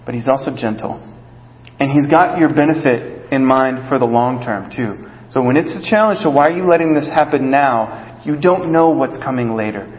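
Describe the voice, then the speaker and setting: A young adult male pastor preaching a conversational sermon, often dropping to a soft, gentle voice. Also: mid-range voice, moderate pace, a little hiss or hum. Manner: conversational, drops to soft gentle tones when quoting God. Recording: echoey hall, dull lo-fi sound.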